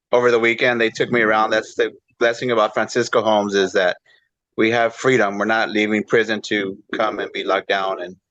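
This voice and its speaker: A man recently out of prison, talking haltingly and emotionally about his family in a support group. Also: fairly low pitch, a bit bright, no room sound. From East Los Angeles. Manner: halting, tearful, with fillers. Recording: dull lo-fi audio.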